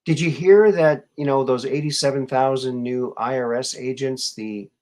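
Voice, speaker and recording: A man's voice: medium pitch, normal speed, darkish tone. A man hosting a casual live show, musing and rambling with many fillers and restarts as he greets viewers. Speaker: show host.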